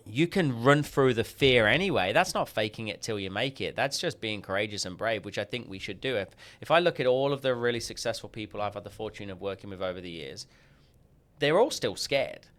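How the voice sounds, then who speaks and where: An Australian man as a podcast guest, telling stories and acting out quoted dialogue with lively jumps in pitch. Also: brisk. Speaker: guest, sales coach. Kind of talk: podcast interview storytelling.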